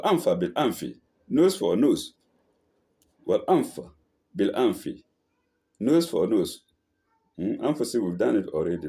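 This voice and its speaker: In this verse-by-verse scripture lesson, a Quran teacher recites each line and translates it slowly, correcting himself and asking "eh?" along the way. His pitch jumps up and falls widely, and his tone is dark and relaxed.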